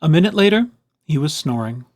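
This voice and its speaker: Here a man brings a children's picture book to life, reading it aloud in an animated, expressive way. His pitch is a little high and his delivery brisk.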